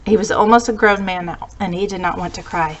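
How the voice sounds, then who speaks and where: A woman teacher reading a storybook aloud to her class in a gentle storytelling way. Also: fairly low pitch, fairly even intonation, fairly quick, muffled recording.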